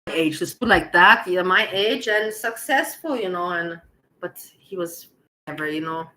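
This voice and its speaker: A woman casually telling a personal story to her viewers, animated and laughing as she acts out the dialogue. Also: fairly low pitch, normal speed, low-quality recording.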